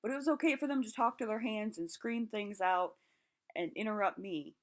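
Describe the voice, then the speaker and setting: A woman's voice: mid-range voice, moderate pace. Impassioned young woman vlogger. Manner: impassioned, voice rising and falling. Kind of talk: passionate personal vlog monologue.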